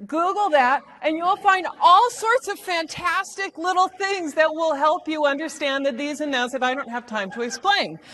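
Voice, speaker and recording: High-voiced woman giving a playful stage talk. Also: fairly bright tone. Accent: American. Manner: playful, theatrical, acts out lines. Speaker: speaker at a live talk event. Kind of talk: lively presentation talk. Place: auditorium stage.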